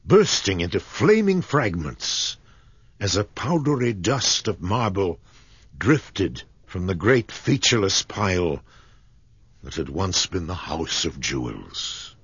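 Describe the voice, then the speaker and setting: Slow, deep, husky male storyteller. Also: fairly bright tone, no echo, lo-fi sound. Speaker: narrator. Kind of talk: audiobook narration.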